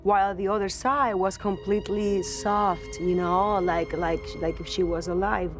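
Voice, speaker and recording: A woman's voice: medium pitch, fairly even intonation, unhurried. A woman earnestly recounting a personal ghost story to the camera, searching for words and repeating phrases as she goes. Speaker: celebrity guest telling a ghost story. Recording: voice over music score.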